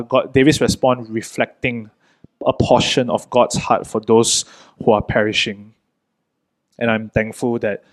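A man delivering a sermon at a middle pitch, neither high nor low. His manner is earnest and gentle, and he pauses often between short phrases. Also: poor audio. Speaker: preacher.

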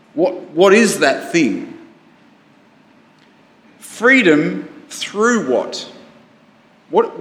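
Slow-spoken preacher in an echoey hall. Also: male voice, fairly high pitch, a bit bright. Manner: conversational, asks the congregation questions. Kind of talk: sermon. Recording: echoey hall, live stream.

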